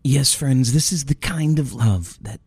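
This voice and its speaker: A male preacher delivering an earnest, emotional sermon. His voice is gravelly and a little husky, and he speaks slowly. The sound is dry and close, with no room echo. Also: medium pitch, darkish tone.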